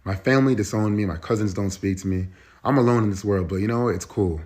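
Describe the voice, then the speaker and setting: A young man rants to camera, blunt and defiant, with loose slang. His voice is very deep, and he talks fast. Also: darkish tone. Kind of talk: casual rant to camera.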